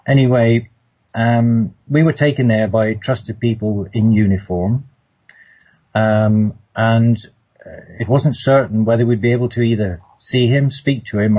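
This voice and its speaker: A man's voice: lowish voice, warm tone, husky, rough recording. A man telling a personal story in a casual, hesitant way, often repeating words and restarting. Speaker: storyteller recounting a personal trip.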